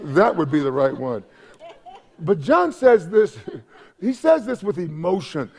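A man preaching a sermon in a church, swinging from emphatic shouts to hushed asides. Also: sits high, big pitch swings, moderate pace, creaky, breathy edge. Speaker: pastor.

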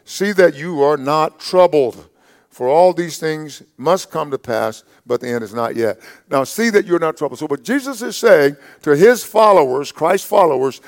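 A man preaching a sermon as pastor, emphatic and repetitive, calling out to the congregation. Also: on the high side.

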